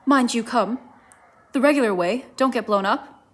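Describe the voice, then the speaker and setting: A woman's voice: fairly high pitch, moderate pace, voice pushed up, lightly acted. A woman voicing the White Queen, a fussy and dramatic chess piece, who cries out shrilly in a children's storybook reading. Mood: breathless.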